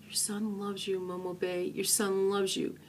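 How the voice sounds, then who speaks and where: A woman voicing a gentle young male soldier who speaks softly and tearfully. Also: low-pitched, fairly even intonation, unhurried, a little hiss or hum. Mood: sobbing soft. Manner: soft, tearful and hushed.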